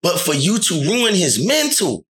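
A man chatting casually, animated and acting out the voices of the people he quotes. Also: high-pitched, measured pace. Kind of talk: casual chat.

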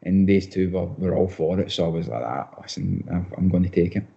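A man's voice: deep voice, a little fast, creaky, dark tone, lo-fi sound. A young Scottish man, a footballer being interviewed, chatting casually with lots of restarts and repeated words. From Scotland. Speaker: footballer guest.

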